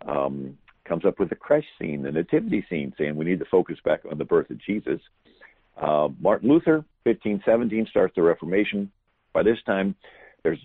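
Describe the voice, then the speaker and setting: Man, deep and husky, talking guest on a tinny phone line, storytelling with fillers. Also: no room sound. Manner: fluent, explanatory, many fillers. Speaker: guest historian. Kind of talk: storytelling interview answer.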